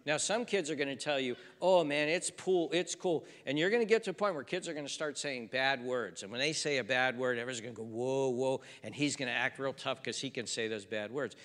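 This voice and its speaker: A man's voice: medium pitch, fast talker, few pauses, bright, forceful tone. A man preaching a sermon in an earnest, conversational way, often repeating himself for emphasis. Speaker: pastor. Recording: reverberant hall.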